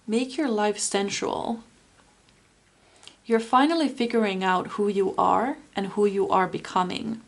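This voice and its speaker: A woman giving a spoken tarot reading, soft and earnest, with many fillers. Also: medium pitch, creaky. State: tearful, emotional. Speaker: tarot reader.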